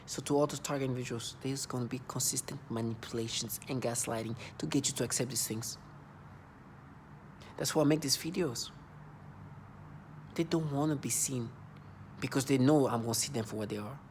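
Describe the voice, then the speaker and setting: A man's voice: medium pitch, a little fast, pauses often, darkish tone, a little hiss or hum. A man in his thirties ranting in an agitated, repetitive, accusing monologue to camera. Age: 30s. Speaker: vlogger.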